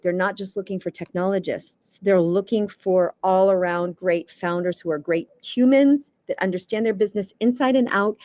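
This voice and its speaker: A woman from the US East Coast, a communication coach giving advice as an interview guest in a lively, emphatic way, sometimes stammering as she restarts. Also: mid-range voice, dry recording. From United States East Coast.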